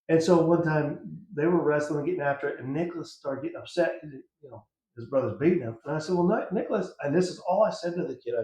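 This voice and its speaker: A man telling a family story as an interview guest, lively and laughing, acting out the quotes. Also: a little high. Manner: animated, laughing storyteller who acts out quotes. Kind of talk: casual storytelling. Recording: roomy, dull sound.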